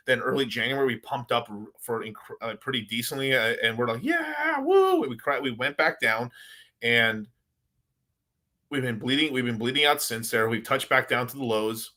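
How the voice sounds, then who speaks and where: Guy ranting to cam, bright sharp voice, cusses a ton, rambles and laughs, mid pitch. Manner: rambling, swears a lot, laughs often. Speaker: crypto video host. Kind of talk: casual profane rant to camera.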